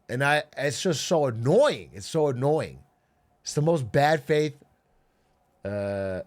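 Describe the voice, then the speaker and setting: A man's voice: medium pitch, slow pace, pauses often. A man streaming live, chatting casually with viewers in jokey, profane rants. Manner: swearing, animated, jokey rants. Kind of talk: casual livestream chat.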